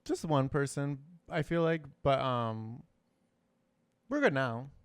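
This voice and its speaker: A man with a smooth, clear voice chats casually on a podcast. The sound is close and dry. He talks in a laid-back way, with hesitant pauses and fillers. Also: medium pitch, sing-song, dry recording. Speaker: podcast co-host. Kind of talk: casual chat.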